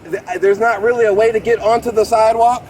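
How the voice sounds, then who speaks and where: A man's voice: high-pitched, fast talker, a crowd in the background, rough recording. A man in his late thirties giving an agitated, rambling account to a police officer outdoors by a road, recorded on a body camera. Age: late 30s. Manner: rambling, excitable, repeats "bro". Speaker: complainant speaking to police.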